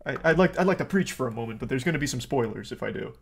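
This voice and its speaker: A man's voice: medium pitch, expressive, very fast, creaky, slightly rough. Blunt ranting male streamer. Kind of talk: casual movie rant to a live chat.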